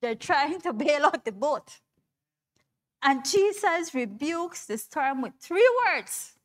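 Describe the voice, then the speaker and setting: High-voiced woman preaching slowly. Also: expressive. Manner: chatty, laughs often, calls on listeners by name. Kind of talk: informal sermon to a congregation.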